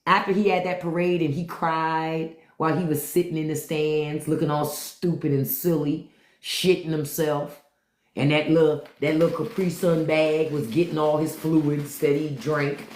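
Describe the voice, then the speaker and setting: A woman's voice: low-pitched, little pitch movement, moderate pace, darkish tone. A woman hosting a live stream, ranting bluntly and profanely and mocking the people in her chat. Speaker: podcast host on a live stream. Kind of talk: unfiltered live-stream rant. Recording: echoey room.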